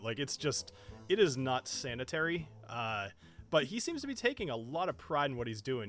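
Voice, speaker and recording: Give me a man running a tabletop game with a bright, animated voice. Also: mid-range voice. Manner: lively, chuckling narration with frequent fillers. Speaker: dungeon master.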